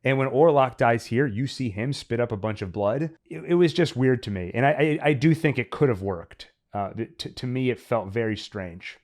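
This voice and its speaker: A man's voice: medium pitch, animated, moderate pace, few pauses, a little mellow. Earnest, analytical male podcast host. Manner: analytical, earnest, thinking aloud. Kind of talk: casual chat, film review.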